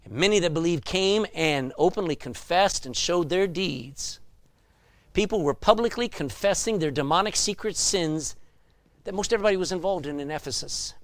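An older man preaching a sermon, telling stories with sudden loud bursts of emphasis. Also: high-pitched, lively intonation, moderate pace, no room sound. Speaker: pastor.

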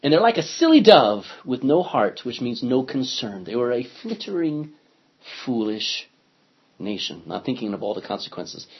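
A male pastor leads a Bible study in a casual, conversational way, reading verses aloud and checking in with his listeners. His voice is husky, and the recording sounds dull and lo-fi. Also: medium pitch, sing-song, moderate pace. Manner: conversational, asks class questions, reads scripture aloud. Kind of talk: interactive Bible study teaching.

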